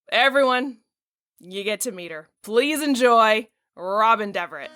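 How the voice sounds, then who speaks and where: A woman's voice: on the high side, lively intonation, slow pace, pushed and bright, dry recording. A woman hosting a casual podcast interview, talking in a gushing, effusive way. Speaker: podcast host.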